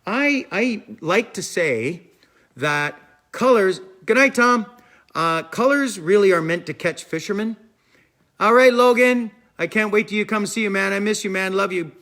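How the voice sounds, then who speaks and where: Guy rambling on a fishing livestream, kinda higher voice, keeps saying i'm telling you. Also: animated, unhurried, bright, forceful tone. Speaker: fishing live stream host. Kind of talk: casual live stream chat, answering viewers.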